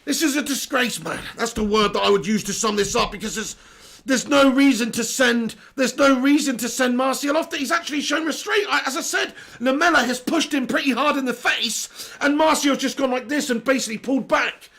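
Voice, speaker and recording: Speaking a little fast, a young man with a bright, high voice vents through a live football watch-along. His gravelly, husky tone sounds strained and sore. Exasperated, he circles back to one complaint again and again.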